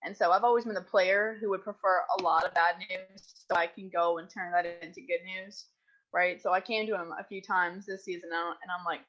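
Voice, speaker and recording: A woman's voice: on the low side, steady tone, fairly quick, fairly bright tone, lo-fi sound. A young woman, a college soccer forward, talking candidly and upbeat as a podcast guest. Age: young adult. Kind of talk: casual podcast interview.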